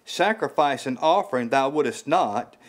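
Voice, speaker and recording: A man preaching an informal sermon in a small house church, halting and repeating words with many fillers, his voice rising when he stresses a point. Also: mid-range voice, lively intonation. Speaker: lay preacher.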